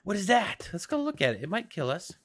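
Hyped gamer voice, bouncy pitch, talks to the mobs, whispers then yells. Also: brisk. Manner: excitable, chatters to the game creatures; swings between whispers and shouts. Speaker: gaming video host. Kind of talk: gameplay commentary.

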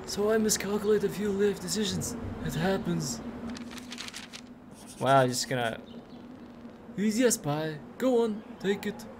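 A man's voice: sits high, lively intonation, unhurried, long pauses, background noise, pitched above the performer's own voice. A man voicing a wry, offhand homeless former math teacher in a game.

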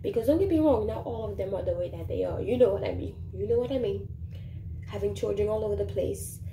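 A woman vlogger giving sassy, animated opinion commentary to the camera in a casual way. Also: mid-range voice, fast, creaky. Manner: sassy, animated, talks back to the subject. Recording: roomy echo with faint background noise.

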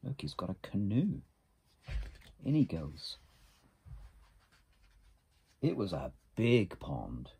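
A middle-aged man reads a children's picture book aloud, gentle and expressive. His voice is mellow and very breathy. His pitch swings widely, and he reads at an unhurried pace. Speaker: storybook reader.

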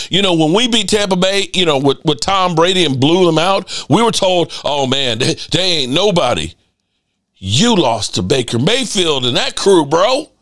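A man's voice: sits high, fairly bright tone. A man, a sports channel host delivering a heated, profane rant with lots of repetition. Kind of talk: ranting commentary.

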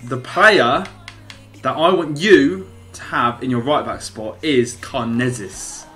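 A man's voice: mid-range voice, slow pace, sharp tone, soft background music. A laid-back man hosting casual gaming commentary. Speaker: gaming YouTuber host.

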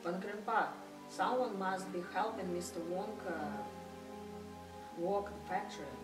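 A woman's voice: medium pitch, steady tone, unhurried, natural voice. A woman playing a poor hopeful boy on stage. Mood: curious. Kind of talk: school stage play. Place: school stage. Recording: echoey hall, from far off, music behind.

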